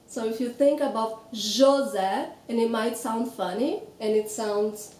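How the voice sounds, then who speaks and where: A woman's voice: fairly high pitch, a little mellow, recorded from a distance. Brazilian woman teaching pronunciation in an echoey room. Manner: patient, demonstrates words slowly. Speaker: Portuguese teacher. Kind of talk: explaining pronunciation.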